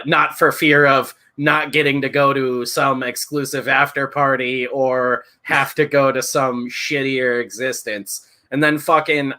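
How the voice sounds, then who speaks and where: A man's voice: mid-range voice, pushed and bright. A man in his thirties chatting casually as a podcast co-host, telling rambling, profane stories and laughing as he talks. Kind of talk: casual chat.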